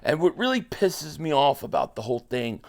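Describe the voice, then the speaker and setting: A man delivering a loud, profane fan rant, shouting often. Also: fairly high pitch, sing-song, normal speed. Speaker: sports fan commentator.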